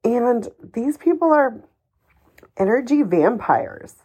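Woman doing a solo podcast, slow and deliberate, pumped-up pep talk vibe, kinda ranty, swears a bit. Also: medium pitch, animated, darkish tone. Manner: emphatic, encouraging, a bit ranty, swears casually. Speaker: podcast host. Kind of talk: solo podcast advice monologue.

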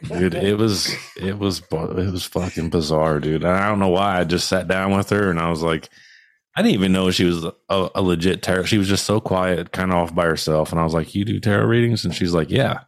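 A man's voice: deep voice, steady tone, fairly quick, dry recording. A man hosting a casual podcast, telling a story animatedly and swearing freely. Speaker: podcast host.

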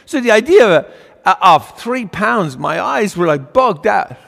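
A man's voice: high-pitched, animated, a little slow, gravelly, a bit bright, long reverb tail. An older man preaching a storytelling homily in a folksy way, with fillers and asides.

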